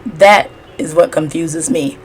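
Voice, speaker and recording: A woman's voice: sits low, slow pace, husky, soft background music. A woman giving a casual, sassy gossip recap as a tarot reader, chatty and opinionated. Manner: chatty and sassy, mimics cast members in a raised voice.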